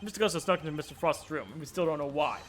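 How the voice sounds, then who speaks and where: A man voicing a composed male prosecutor, reasoning through the case in a measured way while reading game dialogue aloud. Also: a little high, expressive, slight background noise, close to an everyday voice.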